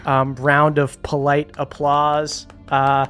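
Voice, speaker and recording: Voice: medium pitch, monotone, slow, a bit bright. A game master narrating a tabletop game in a casual way, with many fillers and frequent laughs.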